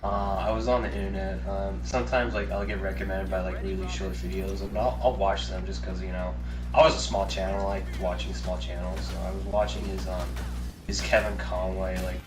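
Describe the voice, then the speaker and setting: Low-voiced male co-host, loose and rambling with casual swearing, distant mic with music underneath. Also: flat delivery, fairly quick, roomy sound. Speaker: podcast co-host. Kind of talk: casual chat.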